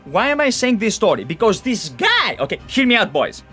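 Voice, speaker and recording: A man streaming a game, telling a story in animated, profane casual chat. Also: sits high, a little fast, soft background music.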